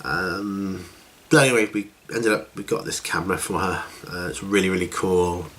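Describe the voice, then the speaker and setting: Middle-aged man, lowish voice, casual rambling vlog host. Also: normal speed. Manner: rambling, relaxed, with many fillers and restarts. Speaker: hobby channel host. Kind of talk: casual chat.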